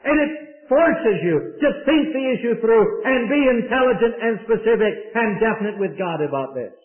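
High-voiced older preacher in an echoey hall. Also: male voice. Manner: emphatic, rising and falling delivery with sudden loud peaks and quiet drops; addresses listeners as "beloved". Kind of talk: sermon. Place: church. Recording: echoey hall, tinny phone-like sound.

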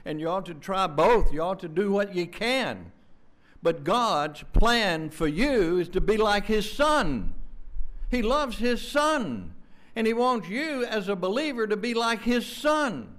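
A man preaching with a notably high, ringing voice, pressing his points with fervent emphasis. He stumbles into quick restarts and repeats words as he drives each line home, and his voice swings between quiet asides and strong, raised phrases. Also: big pitch swings. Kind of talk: sermon.

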